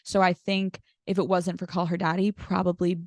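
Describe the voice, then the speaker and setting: A woman guest in casual podcast chat, telling animated stories and acting out quoted lines in different voices. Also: lowish voice, moderate pace, dry recording.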